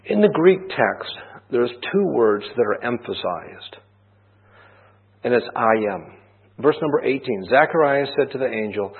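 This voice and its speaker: Husky preacher on a tinny line. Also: male voice, medium pitch, lively intonation, unhurried, pauses often. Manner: storytelling, conversational, rhetorical questions. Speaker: pastor. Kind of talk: sermon. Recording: tinny phone-like band.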